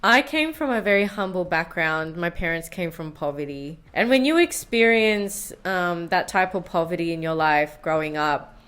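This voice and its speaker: A woman's voice: fairly low pitch, lively intonation, normal speed, hardly any pauses, a bit bright, clear, resonant tone. A woman in her thirties telling a candid, confessional story in a vlog, often laughing at herself. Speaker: science vlogger.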